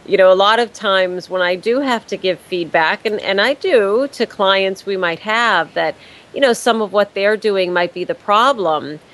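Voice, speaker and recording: A woman's voice: medium pitch, moderate pace, fairly bright tone, rough recording. A woman business consultant answering interview questions, laying out her points step by step and stressing key words by repeating them. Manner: structured, explains step by step.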